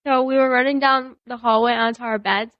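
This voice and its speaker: Chatty young woman, fairly high voice. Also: level tone, fairly quick, no echo, dull audio. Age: young adult. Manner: chatty, many "like" fillers. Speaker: guest, daughter. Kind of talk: casual family podcast chat.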